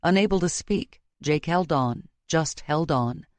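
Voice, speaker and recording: Woman narrating a romance, low voice. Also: darkish tone, no echo. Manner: measured, emotive reading. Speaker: audiobook narrator. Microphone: close studio mic.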